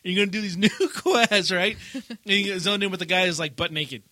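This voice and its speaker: A man's voice: sits high, brisk, pushed and bright, no echo. A man co-hosting a casual chat, joking animatedly and laughing often. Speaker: podcast co-host.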